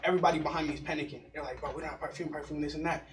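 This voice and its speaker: Fast-talking teen guy telling stories. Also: on the high side, noisy background. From Denver area, USA. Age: teens. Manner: slangy, laughing, animated storytelling. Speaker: panel guest. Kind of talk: casual storytelling. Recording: roomy sound from far off the mic.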